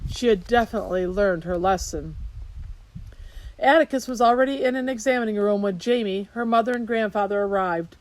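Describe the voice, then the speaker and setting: A woman reading a children's novel aloud in steady storytelling narration. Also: mid-range voice, a little fast, low-quality recording. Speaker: audiobook narrator. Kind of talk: scripted narration. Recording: hiss behind voice.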